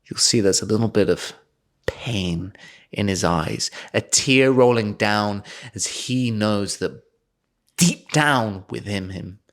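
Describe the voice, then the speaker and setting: A man's voice: fairly low pitch, takes it slowly. A man co-hosting a podcast, improvising a comic story in a mock-dramatic way. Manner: animated, breaks into laughter, mock-dramatic. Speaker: podcast co-host.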